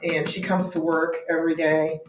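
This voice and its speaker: A woman's voice: low voice, little pitch movement, moderate pace, far from the mic, soft background music. A woman co-hosting a crafting livestream, reading out viewer comments and trading dry jokes in casual chat. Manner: dry, joking, reads comments aloud. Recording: echoey room with faint noise.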